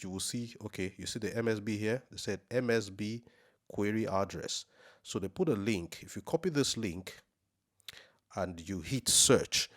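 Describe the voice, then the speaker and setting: A man hosting a scam-review video, talking viewers through a website on screen, emphatic and checking in with "okay?", rereading passages slowly for emphasis. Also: fairly low pitch. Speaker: host of a scam-review channel. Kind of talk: screen-share walkthrough commentary.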